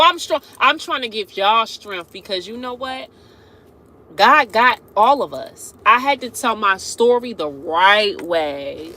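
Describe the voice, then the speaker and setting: A woman's voice: fairly high pitch, sharp tone. A woman hosting a casual live stream, talking straight to her viewers, laughing often and calling them back again and again. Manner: chatty, laughs often, keeps addressing viewers directly.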